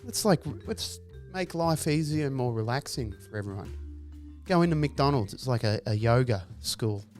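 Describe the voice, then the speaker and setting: Male comedian, animated and exasperated, swearing, with soft music in the background. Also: medium pitch, normal speed. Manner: exasperated ranting, profane, acts out noises. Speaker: stand-up comedian, podcast host. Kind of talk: comedic monologue.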